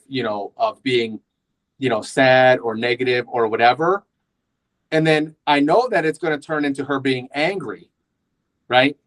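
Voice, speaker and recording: Brief: casual male sales trainer, mid-pitched, chatty, checks in often. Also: rough recording. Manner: conversational, with frequent "right?" tags and restarts. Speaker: real estate sales trainer. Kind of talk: informal sales training talk.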